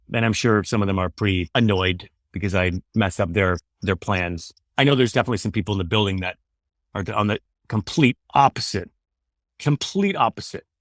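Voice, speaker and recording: A man's voice: lowish voice, a bit bright, dry recording, clean studio sound. A middle-aged man from Canada, a former radio host, talking earnestly and loosely as an interview guest, peppering his talk with "man" and "you know". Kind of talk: candid interview conversation.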